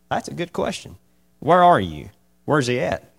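A man leads an informal Bible study in a folksy, lively manner. He keeps asking his listeners questions and drives his points home. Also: fairly high pitch, normal speed, gravelly, breathy edge. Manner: folksy and animated, asks the group many questions. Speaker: preacher teaching a Bible class.

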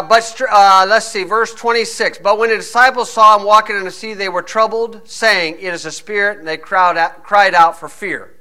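A man's voice: sits high, pushed and bright. A man preaching a conversational sermon, reading scripture verses aloud and stopping to explain them with wry, folksy asides. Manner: reads old-style verses, then breaks into wry, folksy asides.

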